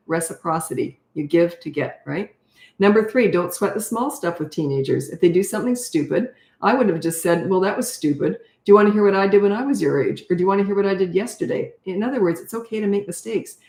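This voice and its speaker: An older woman who coaches parents gives blunt, matter-of-fact advice in a relaxed question-and-answer talk, laughing often. Her voice is fairly low and a little mellow, and the room sounds echoey.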